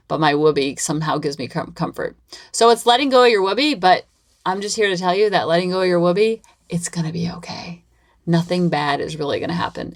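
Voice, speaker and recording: A woman with a fairly low voice hosts her own parenting podcast alone. She talks casually and keeps an upbeat, rambling flow, circling back over the same points again and again. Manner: chatty, rambling and upbeat, with lots of repetition. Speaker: parenting coach and podcast host. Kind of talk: casual solo podcast talk.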